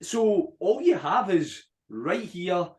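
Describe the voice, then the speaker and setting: A man hosting a podcast, talking in a reflective, halting way and repeating words as he works through a thought. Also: high-pitched, expressive. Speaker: podcast host. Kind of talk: casual conversation.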